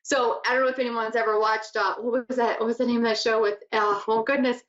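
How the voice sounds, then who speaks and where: A woman hosting a psychic radio show, teaching in a relaxed, conversational style with a fairly high voice. She rambles and laughs easily. The recording is dull and lo-fi, with echo in the room behind her. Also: brisk. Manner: chatty, laughs easily, wanders off topic. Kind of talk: casual spiritual teaching talk. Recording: echoey lo-fi room sound.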